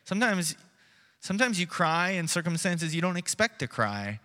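A pastor preaching a sermon, earnest and measured, sometimes dropping to a soft, slow, reflective tone. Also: male voice, high-pitched, very animated, in a large hall. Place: church sanctuary.

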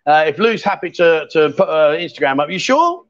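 Brief: male host, high lively voice, jokey banter, lo-fi stream. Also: brisk. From England. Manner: teasing, jokey, reads out comments. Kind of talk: casual live-stream chat. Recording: dull lo-fi stream audio.

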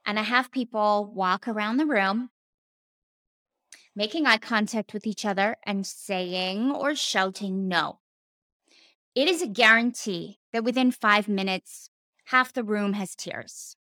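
A woman's voice: mid-range voice, a little slow, bright, forceful tone, dry recording. A woman coach and former therapist giving a casual teaching talk, earnest, with emphatic repetitions and casual slang.

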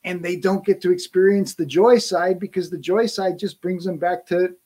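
A man's voice: high voice, fairly even intonation, moderate pace, mellow, slightly rough. A middle-aged man hosting a podcast, talking earnestly in casual conversation and often restarting his phrases. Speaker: podcast host.

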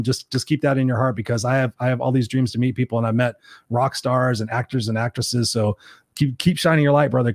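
Fast-talking man telling a story. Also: mid-range voice, no echo, studio quality. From Southern California. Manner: animated, acts out quoted voices. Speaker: host. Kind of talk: casual storytelling chat.

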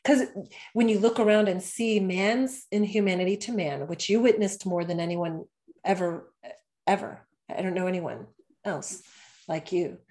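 A woman's voice: on the low side, normal speed, a little mellow. A woman hosting an interview, reflecting aloud and searching for words. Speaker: podcast host.

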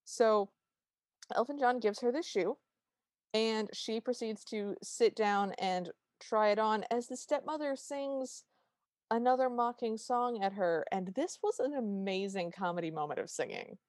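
A woman's voice: on the high side, a little slow, no echo, studio quality. A woman co-hosting a podcast, recapping an episode and acting out quotes as she goes. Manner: animated storyteller, acts out quotes. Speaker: podcast co-host. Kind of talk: casual recap chat.

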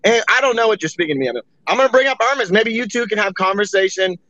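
Brash high-voiced host, lo-fi audio. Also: male voice, expressive, fast, bright, forceful tone, no room sound. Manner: brash, swears freely. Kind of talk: casual chat. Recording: dull lo-fi audio.

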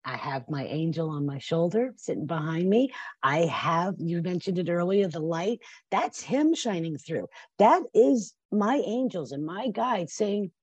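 Podcast guest: woman, 50s, husky lower voice, earnest and emotional delivery, close and dry. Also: expressive, measured pace, a little mellow, no echo. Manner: passionate, emotional, sometimes teary with laughter. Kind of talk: podcast interview.

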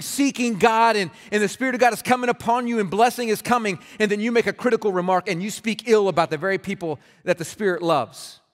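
A man preaching a sermon as pastor, earnest and conversational, often restarting his words. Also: sits high. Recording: reverberant hall.

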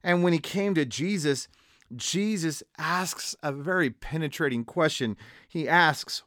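A man preaching a sermon, animated, speeding up and slowing down with light laughs between points. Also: mid-range voice, no room sound, clean studio sound. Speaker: pastor.

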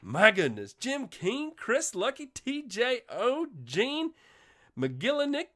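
A man hosting a casual livestream show, congested from a sinus infection, giving energetic shout-outs to viewers. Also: extremely high pitch, slow. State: coughing.

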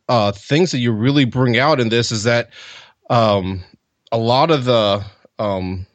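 A man hosting an interview, asking questions haltingly with many ums and uhs. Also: mid-range voice, no room sound. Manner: halting, lots of um and uh. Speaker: interview host. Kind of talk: conversational interview.

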